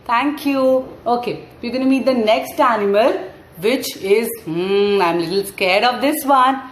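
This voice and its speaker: A woman's voice: on the high side, unhurried, a little hiss or hum. A woman leading a playful sing-along yoga class for parents and babies. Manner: playful, sing-song, coaxing. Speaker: mother-and-baby yoga trainer. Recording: echoey room, far from the mic.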